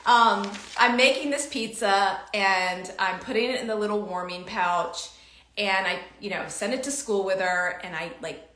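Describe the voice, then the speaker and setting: A middle-aged woman host telling a family story in a casual, animated way, acting out quoted dialogue. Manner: animated, acts out quoted dialogue with big pitch jumps. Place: home room. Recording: echoey room.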